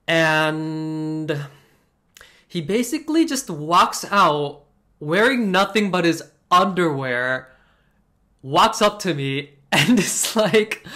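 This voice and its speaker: A young man telling a personal story to camera in a casual, expressive vlog style, full of "like" fillers. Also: a little high, slow. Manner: chatty and expressive, many "like" fillers, laughs while telling. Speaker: vlogger.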